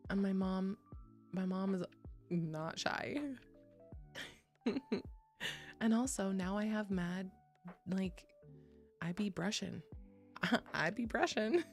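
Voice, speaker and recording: A young woman streamer with a gravelly edge to her voice, rambling loosely to her chat. She laughs easily and swears freely. Soft music plays faintly underneath. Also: medium pitch. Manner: chatty, swears freely, laughs often, reads chat aloud. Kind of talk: casual chat with chat.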